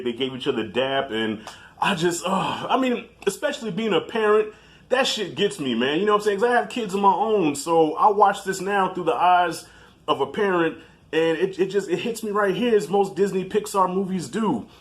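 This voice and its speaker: A man in his thirties giving a casual, animated film review in slangy talk, laughing easily. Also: medium pitch.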